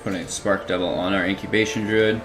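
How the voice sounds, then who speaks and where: A man with a fairly low voice talks casually through a card game, thinking aloud in an easy, unhurried way. Music plays clearly beneath his commentary. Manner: relaxed, musing, thinks aloud while playing. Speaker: gameplay streamer.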